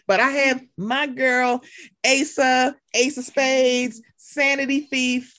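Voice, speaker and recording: A woman hosting a podcast in casual chat, animated and profane, acting out quotes in voices. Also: sits high, slow pace. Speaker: podcast host.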